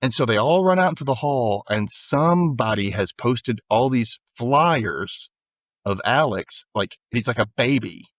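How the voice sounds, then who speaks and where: A man's voice: medium pitch, a little slow, dry recording, dull audio. A man co-hosting a podcast, casually recapping an episode and acting out the characters' lines. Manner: animated, acts out characters' lines. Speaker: podcast co-host.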